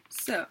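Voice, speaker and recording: A young woman teaching a weekly online class in a relaxed, chatty way, laughing often. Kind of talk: casual spoken lesson.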